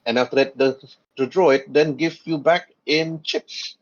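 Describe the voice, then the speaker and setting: A man narrating as game master of a tabletop game, with quick put-on voices for side characters. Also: a little high, fairly even intonation. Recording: dull lo-fi voice chat audio.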